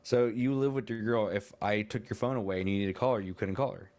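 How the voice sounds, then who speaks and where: Male podcast host, lowish pitch, loose rambling storyteller who cusses casually. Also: steady tone, quick pace, a little mellow. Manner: rambling, swears freely, laughs often. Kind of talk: casual chat.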